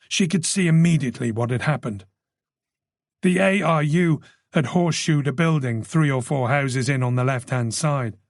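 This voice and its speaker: A man reading a thriller audiobook in measured, scripted narration. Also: on the high side, dry recording, studio quality. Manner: measured, even storytelling.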